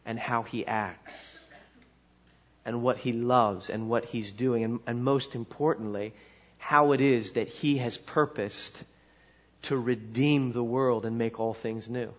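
A man's voice: mid-range voice, fairly bright tone, lo-fi sound. A man preaching a sermon in a conversational way, often restarting his phrases and chuckling through a joke. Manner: conversational, with repeated restarts and a chuckling punchline delivery. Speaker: pastor.

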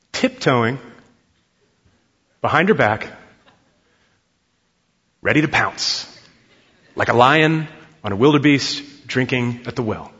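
Male pastor, thirties, earnest conversational sermon, bright tone, slightly high, dull reverberant hall recording. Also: breathy edge. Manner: earnest, conversational preaching with audience prompts.

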